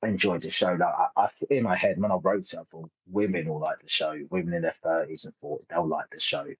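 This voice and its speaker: A man's voice: deep voice, steady tone, brisk, husky, no room sound, rough recording. A man in his thirties, a comedian telling stories in a casual interview, rambling and self-interrupting with frequent laughs. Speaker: comedian guest.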